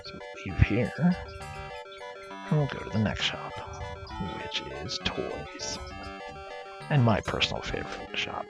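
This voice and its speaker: A man's voice: on the low side, very animated, takes it slowly, pauses often. A man giving casual commentary over a game he played, chatty and playfully paraphrasing the characters' dialogue. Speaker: let's play commentator. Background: game music.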